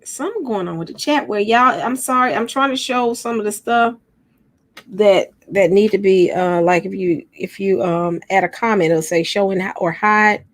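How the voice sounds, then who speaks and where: A woman's voice: medium pitch, moderate pace, dry recording. A middle-aged woman, chatting casually and sleepily to viewers on a late-night livestream. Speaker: livestream host.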